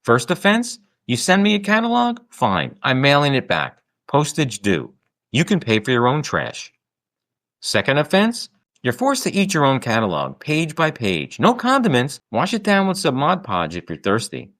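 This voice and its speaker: A man's voice: huge pitch swings, normal speed, a bit bright. A man hosting his own podcast, delivering an exasperated, sarcastic comedic rant. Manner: exasperated, sarcastic ranting with sudden pitch jumps. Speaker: podcast host.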